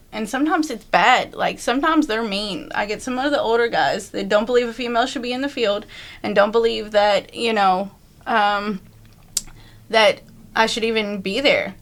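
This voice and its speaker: A woman's voice: fairly high pitch, a bit bright. A woman guest in an interview, talking frankly and bluntly about her life and work, laughing easily between thoughts. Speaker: podcast guest. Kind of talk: candid interview talk.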